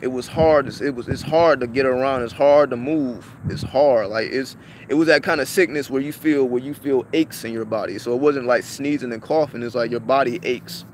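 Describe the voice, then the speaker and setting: A man's voice: medium pitch, normal speed, a little hiss or hum. A man vlogging to his viewers, chatting casually with lots of swearing and repeated restarts. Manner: profane, repetitive, restarts often.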